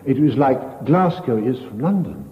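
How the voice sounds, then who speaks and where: An older man, a priest, giving a retreat meditation as a slow, storytelling sermon with hushed quoted lines. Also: medium pitch, very animated. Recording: dull lo-fi tape in a reverberant hall.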